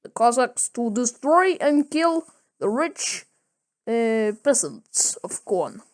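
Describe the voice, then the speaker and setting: A woman's voice: fairly high pitch, big pitch swings, slow pace. A woman voicing a stern adult male Soviet leader who declaims his orders in a pompous speech.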